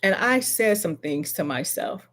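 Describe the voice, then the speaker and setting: A middle-aged woman hosts a motivational live stream, speaking slowly and earnestly and returning to repeat each affirmation as if to a single viewer. Her voice is mid-range, expressive and fairly bright, and she sits close to the mic.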